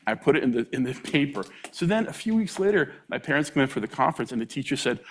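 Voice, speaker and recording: Middle-aged man, lively lecture storyteller, mid-pitched voice, playful quoted voices. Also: fast talker, few pauses. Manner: animated, acts out quoted voices with sudden pitch jumps; humorous, chuckles at own anecdotes.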